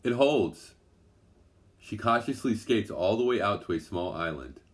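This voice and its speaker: Low-voiced man reading a children's story. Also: animated, unhurried. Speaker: storybook narrator.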